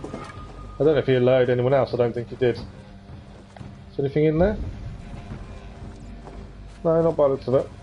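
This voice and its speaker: A man's voice: medium pitch, moderate pace, pauses often, lo-fi sound, soft background music. A man giving casual commentary on a live gameplay stream, thinking aloud as he plays. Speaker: game streamer.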